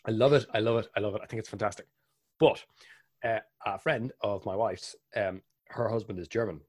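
A man with an Irish accent chatting casually on a podcast, telling stories and slipping into animated impressions. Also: lowish voice, fairly quick, breathy edge, dry recording, clean studio sound. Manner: animated storyteller, bursts into lively impressions. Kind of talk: casual conversation.

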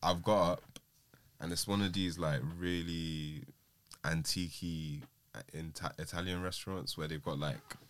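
A man's voice: deep voice, fairly even intonation, a little slow, fairly bright tone. A man telling a story in casual podcast chat, laughing often and using slang. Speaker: podcast co-host.

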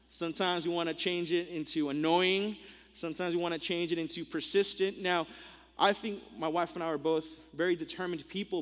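A man's voice: high voice, fairly bright tone, in a large hall. A young man preaching a sermon, telling a funny story in a playful, self-mocking way and often stumbling over repeated words. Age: young adult.

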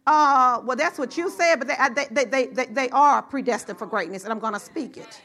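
A woman pastor preaching a sermon to her church, getting excited and rising to shouts as she calls out to the congregation. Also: sits high, fairly quick.

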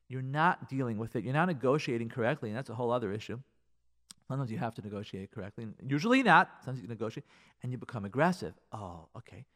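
Animated, high-pitched rabbi teaching. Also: male voice. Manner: rhetorical questions, quoting Hebrew and Aramaic sources; swings between loud emphasis and quiet asides. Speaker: rabbi giving a Torah class. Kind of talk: radio Torah lecture.

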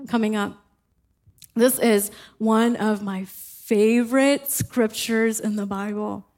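A woman pastor preaching a sermon in a church, fervent and building into passionate exhortation. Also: on the high side. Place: church sanctuary.

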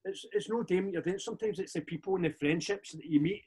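High-voiced Scottish man in his forties. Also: quick pace, slightly rough. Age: 40s. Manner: animated, swears freely, repeats words on restarts. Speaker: podcast guest. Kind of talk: casual storytelling chat.

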